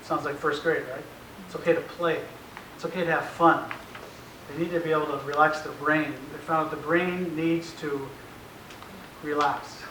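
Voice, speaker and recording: With a slightly high, bright and forceful voice, steady in tone and normal in speed but marked by long pauses, a middle-aged man presents informally to parents. He tells anecdotes, acts out family conversations and chuckles often before an audience in a meeting room. A distant mic captures roomy echo and faint hiss.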